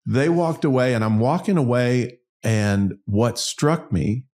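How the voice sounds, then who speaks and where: A man's voice: medium pitch, slow pace, a little mellow. A man in his fifties, an interview guest, telling a personal story in a frank, self-deprecating way. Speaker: interview guest, singer-songwriter and business owner.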